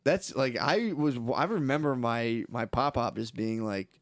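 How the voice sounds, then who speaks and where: A man's voice: mid-range voice, a little slow, no echo, studio quality. A man co-hosting a casual podcast, rambling and swearing and calling his co-host "dude.". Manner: rambling, profane, says "dude" a lot.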